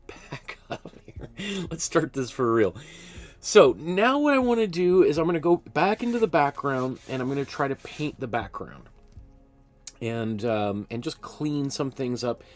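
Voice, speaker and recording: A man's voice: medium pitch, very animated, measured pace. A man hosting a live painting class from his studio, talking in a chatty, rambling way and often laughing at himself. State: hiccups. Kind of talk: casual live-stream teaching. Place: art studio.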